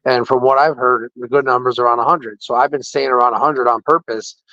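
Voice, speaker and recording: A man casually telling an animated, indignant story about a care-facility visit, quoting the people involved. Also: medium pitch, a little fast, no room sound. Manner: animated, indignant retelling with quoted dialogue. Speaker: podcast host. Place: patient room in a care facility. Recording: dull, dry lo-fi audio.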